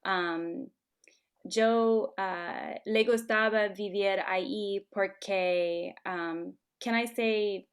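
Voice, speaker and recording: A woman's voice: medium pitch, steady tone, drawn-out words, clean tone. Hesitant woman student full of ums. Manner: hesitant, many ums, stops to ask questions. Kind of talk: answering in a language class.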